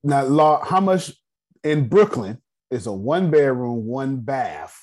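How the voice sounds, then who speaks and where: A man hosting a casual personal finance class on a video call, slangy and animated, talking straight to his group. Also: medium pitch, takes it slowly.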